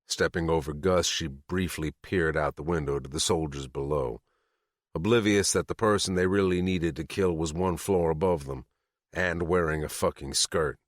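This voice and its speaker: Audiobook narrator: a man, deep and expressive, in a dry, close booth. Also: normal speed, no echo. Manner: dramatic, expressive reading. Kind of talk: scripted first-person audiobook narration.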